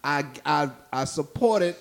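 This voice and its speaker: Animated high-voiced man telling stories. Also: takes it slowly. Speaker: comedian telling a story. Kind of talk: casual storytelling chat.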